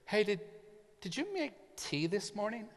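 A man voicing a calm, confident old male prophet who speaks low and unhurried. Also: big-room sound, heavily acted.

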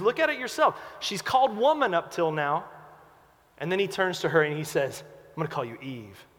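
Emphatic high-voiced male preacher. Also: big-room sound. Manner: emphatic preaching, swings from loud to quiet. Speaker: pastor. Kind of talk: sermon.

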